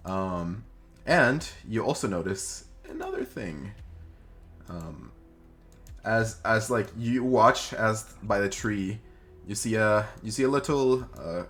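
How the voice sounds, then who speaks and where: A man's voice: on the low side, expressive, takes it slowly, fairly bright tone, soft background music. Young man narrating as game master. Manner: rambling, full of fillers.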